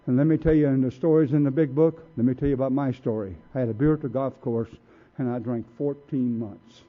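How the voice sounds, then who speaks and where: An older man gives his personal recovery testimony at a meeting, telling his story in a blunt, folksy manner. His mid-range voice moves a little fast. It was captured in a meeting room on a tinny lo-fi tape.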